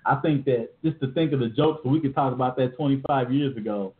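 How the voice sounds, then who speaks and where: A man in his thirties co-hosting a podcast, telling stories in animated, slangy casual chat. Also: mid-range voice, a little fast. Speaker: podcast co-host. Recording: tinny phone-like audio.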